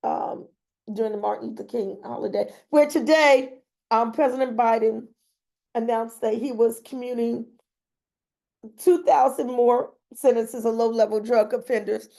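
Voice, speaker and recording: Unhurried and creaky, this woman's voice sits on the high side with a dark tone and fairly even intonation. She reads her own memoir aloud in an emotional, earnest way, pausing at times for personal asides.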